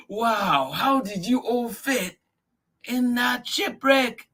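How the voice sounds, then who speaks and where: Slow, husky storytime man. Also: very high voice, lively intonation. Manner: exclaiming, asking the listening children questions. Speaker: storytime host reading a picture book to children. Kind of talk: animated read-aloud for kids.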